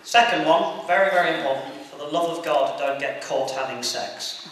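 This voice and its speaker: A young English man doing a crude, rambling stand-up comedy set on a convention stage, mocking himself and shouting to the crowd. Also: fairly high pitch, normal speed, few pauses. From England. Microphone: distant camera. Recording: echoey hall, taped from far off, noisy. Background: audience laughter.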